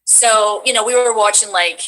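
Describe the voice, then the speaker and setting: Chatty woman guest with a bright voice. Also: fairly high pitch, normal speed, a little hiss or hum, rough recording. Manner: chatty, self-mocking, lots of fillers. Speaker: voice actress guest. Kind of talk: casual chat.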